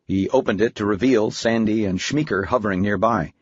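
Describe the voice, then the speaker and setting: A man narrating an audiobook in a steady, even storytelling manner. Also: fairly low pitch, fairly quick, few pauses, slightly rough, no room sound. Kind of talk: scripted narration. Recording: dry, slightly dull studio audio.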